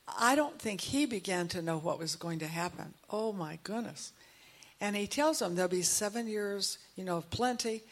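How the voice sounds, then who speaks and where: An older woman preaches to a congregation in an animated storytelling manner. She acts out the voices in her anecdotes and calls on listeners to repeat after her. Her voice sits at a middle pitch for a woman. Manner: animated storytelling, acting out dialogue. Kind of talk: sermon.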